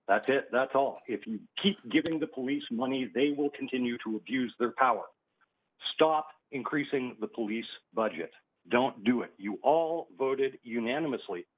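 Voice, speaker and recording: A man calling in to a council meeting, giving blunt, emotional public comment full of rhetorical questions. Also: mid-range voice. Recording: tinny phone line.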